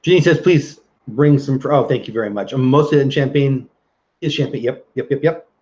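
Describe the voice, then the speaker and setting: Here a middle-aged livestream host reads chat messages out loud and jokes around casually, laughing often. He speaks at a medium pitch, a touch fast and slightly mellow, over dull, low-fidelity stream audio.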